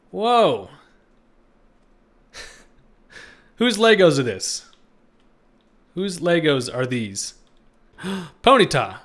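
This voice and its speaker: A man's voice: medium pitch, vocal fry. A young man giving playful let's-play commentary on a game, joking with the creatures he tries to catch. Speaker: gaming streamer.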